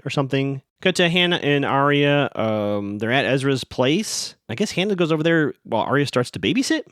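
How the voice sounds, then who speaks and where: A man podcast host rambles through an episode recap, sarcastic and amused. His pitch jumps around a lot, and the sound is dry and close. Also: lively intonation, fairly quick, few pauses, no room sound.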